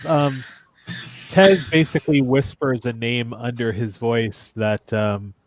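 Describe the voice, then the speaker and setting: Male player, middle pitch, dry close sound, relaxed thoughtful delivery. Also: slow, no room sound. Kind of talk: casual tabletop play.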